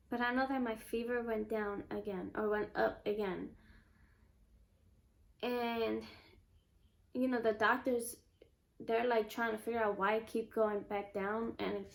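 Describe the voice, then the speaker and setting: A young woman vlogger telling a personal story in a chatty, animated way and acting out what others said. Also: a little high, vocal fry. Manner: chatty, animated, acts out quotes. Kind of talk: casual storytelling to camera.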